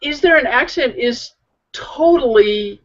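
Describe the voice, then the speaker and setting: A woman co-hosting a casual chat, talking slowly and hesitantly with many pauses and fillers. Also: sits high, lively intonation. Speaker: co-host. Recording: muffled lo-fi audio.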